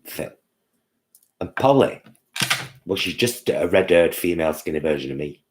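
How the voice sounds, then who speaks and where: A man's voice: very deep voice, expressive, moderate pace. A man hosting a casual live-stream chat, chatty and answering viewers' comments by name.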